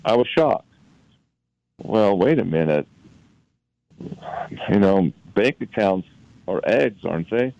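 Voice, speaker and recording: Low-voiced man telling a story. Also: expressive, creaky, darkish tone, no room sound, muffled recording. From Utah. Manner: halting, repeats words while recalling events. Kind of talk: anecdotal storytelling in conversation.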